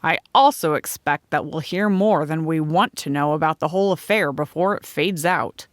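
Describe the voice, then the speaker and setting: Woman voicing brisk teasing Sarah Jane. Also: low voice, no echo, studio quality, lightly acted.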